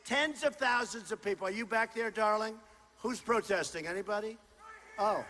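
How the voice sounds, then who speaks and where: Booming man at a rally, echoing hall. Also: moderate pace. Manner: punchy, repetitive, boastful, often shouting to a crowd. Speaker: political candidate. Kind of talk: campaign rally speech. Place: large indoor university venue. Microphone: stage microphone. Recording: long hall reverb with faint crowd noise.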